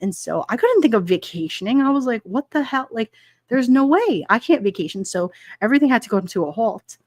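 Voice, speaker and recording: A woman's voice: on the high side, big pitch swings, a little fast, a little mellow, dry recording, clean studio sound. A middle-aged woman hosting a livestream, chatting casually and rambling with frequent laughs while she reads out chat comments. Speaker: livestream host reading chat.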